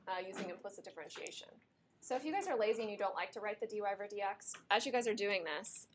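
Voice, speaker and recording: A woman's voice: medium pitch, a bit bright, a little hiss or hum. A woman teaching a math class, explaining steps to her students while she is losing her voice and it keeps cracking. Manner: talks through steps at the board, chatty with students.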